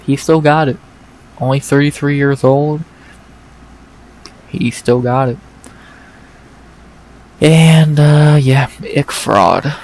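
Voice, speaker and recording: A man hosting an MMA fight recap in a casual, excited way, swearing often and repeating himself. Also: medium pitch, vocal fry, low-quality recording.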